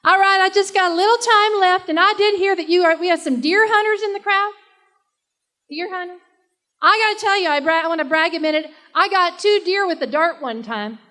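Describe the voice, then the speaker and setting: High-pitched woman doing stand-up, chatty n brash, talks right to the crowd. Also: brisk, sharp tone. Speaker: stand-up comic. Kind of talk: stand-up comedy set. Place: live comedy stage.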